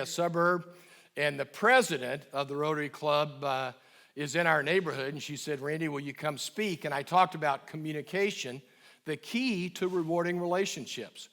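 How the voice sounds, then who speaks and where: A middle-aged man with a fairly high voice gives a parenting talk to a live audience in a church hall. He talks emphatically, slowing down to stress and repeat key phrases. He asks the audience questions as he goes. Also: a bit bright. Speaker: guest speaker on parenting.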